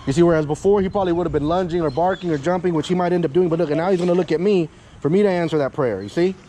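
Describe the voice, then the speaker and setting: A man's voice: fairly high pitch, rapid-fire, warm tone, a little hiss or hum, rough recording. Talkative male dog trainer outdoors. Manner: talkative coaching, keeps checking in with "yeah?" and "okay?", swears casually. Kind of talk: explaining a training session to a dog owner. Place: outdoors by a parking area with cars.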